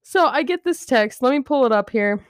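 Young female co-host, bright-pitched, animated storyteller, dry close mic. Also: moderate pace, smooth, no room sound. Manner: animated storytelling, swears, laughs often. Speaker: podcast co-host. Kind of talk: casual chat.

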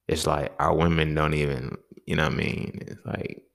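A man with a very low, gravelly voice and plenty of vocal fry. He hosts his own podcast and rants in a heated, profane, exasperated way. He sounds like a young adult talking off the cuff. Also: level tone, a little slow, a bit bright. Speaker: podcast host. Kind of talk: casual solo podcast monologue.

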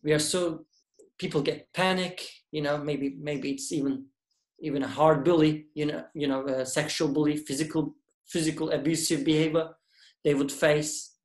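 A man speaking in a casual discussion, halting and often repeating and restarting words. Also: on the high side, fairly even intonation. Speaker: guest speaker. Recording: echoey room.

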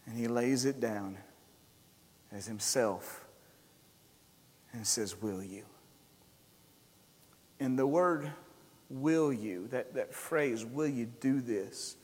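A man's voice: mid-range voice, takes it slowly, long pauses, darkish tone, in a large hall. A man preaching a sermon as pastor, impassioned and repetitive, driving his points home in emphatic cadences.

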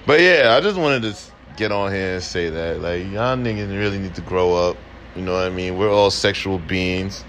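A man's voice: low-pitched, normal speed, a bit bright, slight background noise. A young man hosting a podcast, ranting casually with lots of slang and swearing, laughing often. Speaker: podcast host. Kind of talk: casual opinion rant.

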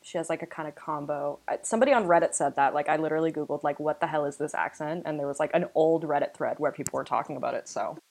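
A young woman with a notably low voice, talking in a loose, rambling way. She co-hosts a casual podcast, and her sentences are strung together with lots of "like.". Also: rapid-fire, creaky, few pauses, darkish tone, low-quality recording. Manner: chatty, filler-heavy, uses "like" a lot. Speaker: podcast co-host. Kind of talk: casual chat.

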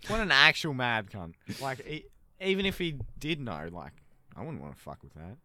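A man's voice: medium pitch, sing-song, bright, forceful tone. A young man with an Australian accent, chiming in during casual chat with jokes and swearing. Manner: quick joking interjections, swearing.

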